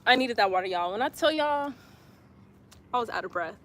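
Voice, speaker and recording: A woman's voice: a little high, lively intonation, fairly quick, a bit bright, a little hiss or hum. A young woman live-streaming her workout, chatting casually and giggling as she talks straight to viewers and reads their comments. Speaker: livestreamer reading chat comments. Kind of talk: casual live-stream chat while exercising.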